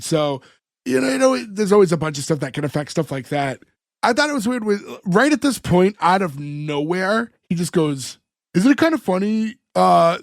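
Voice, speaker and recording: A man's voice: high-pitched, no echo, clean studio sound. A man co-hosting a podcast, casually recapping a sitcom episode and acting out lines from it. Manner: animated retelling, acts out quoted lines. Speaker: podcast co-host.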